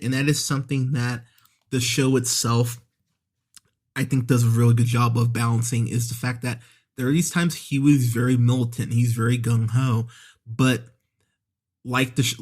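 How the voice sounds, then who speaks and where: A man hosting a movie podcast, reviewing an episode in a casual, conversational way, often correcting himself mid-sentence and acting out the characters' lines. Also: mid-range voice. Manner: conversational, re-voices characters when quoting scenes; frequent self-corrections and fillers. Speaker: podcast host.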